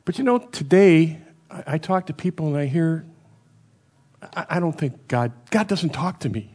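A middle-aged man delivers a sermon in a loose, conversational manner. He keeps checking in with his listeners and swings between loud emphatic stretches and quiet, low asides. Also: lively intonation, normal speed. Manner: varies loudness a lot, rising for emphasis and dropping low. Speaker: preacher.

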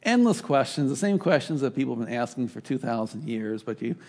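A man's voice: mid-range voice, expressive, brisk, darkish tone. A middle-aged man preaching a sermon as pastor, conversational, with sudden rising emphatic bursts.

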